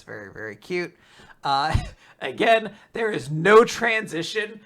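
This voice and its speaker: A man with a fairly high, bright, forward voice chats casually as a podcast host. He acts out the characters' quotes with big leaps in pitch and laughs easily throughout. His delivery is loose and playful. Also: sing-song, slow pace. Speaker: podcast host recapping manga. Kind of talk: casual recap chat.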